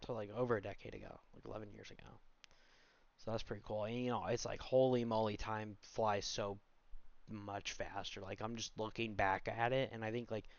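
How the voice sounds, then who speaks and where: A man's voice: lowish voice, flat delivery, brisk, vocal fry. A man in his twenties giving a casual, rambling screen-recorded walkthrough, full of fillers and side comments. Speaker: tutorial host. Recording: slightly dull, dry home recording.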